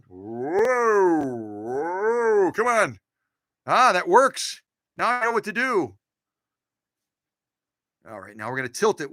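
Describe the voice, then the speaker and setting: Hosting an easygoing sewing machine demonstration, a man in his home workshop jokes around and cheers on his machine and camera, showing off the vintage machines he restores. His voice is on the high side with a sharp edge. The recording has no echo.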